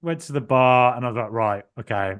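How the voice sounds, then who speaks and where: A man's voice: medium pitch, fast, clean tone, lo-fi sound. A young man co-hosting a casual podcast, telling a long story in a rambling way with frequent ums and restarts. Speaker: podcast co-host.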